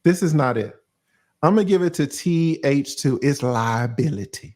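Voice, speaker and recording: A man hosting a casual livestream, breaking down legal cases in a blunt, profane way and acting out judges in quick asides. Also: a little high, expressive, a little mellow. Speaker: livestream host, lawyer.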